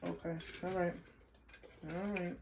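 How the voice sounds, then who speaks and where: A woman giving a casual pick-a-card tarot reading, chatty and unhurried as she lists card words one by one. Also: fairly low pitch, level tone, gravelly, background noise. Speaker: tarot reader.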